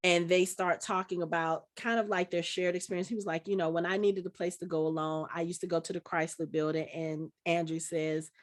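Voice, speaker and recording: A woman's voice: on the low side, steady tone, a little fast, hardly any pauses. A woman in her forties, a podcast co-host, chatting casually and acting out movie scenes as she retells them. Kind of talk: casual chat.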